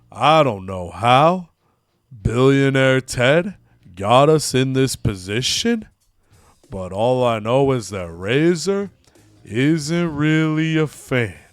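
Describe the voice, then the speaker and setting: A man's voice: mid-range voice, very animated, takes it slowly, long pauses, no room sound, soft background music. A man putting on a cocky, swaggering male wrestler's voice, drawling lines and calling people Chico. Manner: drawling, calls everyone Chico.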